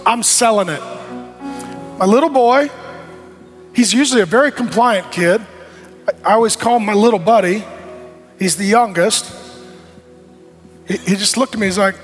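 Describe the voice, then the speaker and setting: A middle-aged male pastor preaches in a notably high voice, building repeated phrases to shouted peaks before falling soft and close. Faint music plays beneath his sermon. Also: moderate pace, pauses often. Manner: rises to shouts at peaks, drops soft and intimate.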